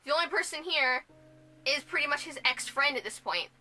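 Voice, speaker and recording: Bright, high-voiced young woman vlogger. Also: expressive, fairly quick, soft background music. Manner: rambling, lots of "like" and restarts. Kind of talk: casual vlog commentary.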